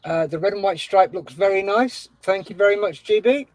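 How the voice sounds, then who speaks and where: Man, livestream host, fairly high voice, dry close sound, chatty, reads comments aloud. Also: moderate pace, dry recording, low-quality recording. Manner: chatty, reads out viewer comments, laughs easily. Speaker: livestream host reading chat. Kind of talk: casual chat.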